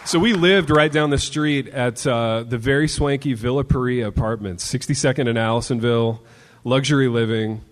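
Playful host in a reverberant live hall. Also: male voice, medium pitch, moderate pace. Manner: playful, calls his co-hosts baby. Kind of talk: live podcast hosting. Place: live stage show in a hall.

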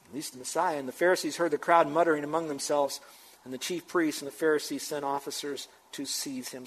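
A man preaching a sermon as pastor, animated, acting out the voices of Bible figures as he teaches. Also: on the high side, poor audio.

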